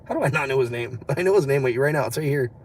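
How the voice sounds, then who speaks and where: A man's voice: medium pitch, animated, rapid-fire, a little hiss or hum. A man chatting casually on a livestream, rambling, swearing and laughing often, talking into a phone. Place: outdoors on city streets.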